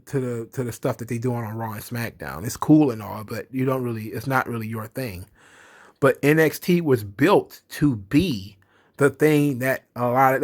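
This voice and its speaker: A man giving casual solo commentary on a wrestling show, rambling and opinionated, with swearing and laughs. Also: mid-range voice.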